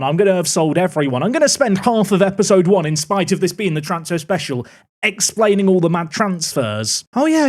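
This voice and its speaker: Gaming commentator, male, higher register with a bouncy, animated delivery; wry, thinks out loud at a desk mic. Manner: chatty, wry, thinking aloud while playing. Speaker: gaming YouTuber. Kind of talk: casual gameplay commentary.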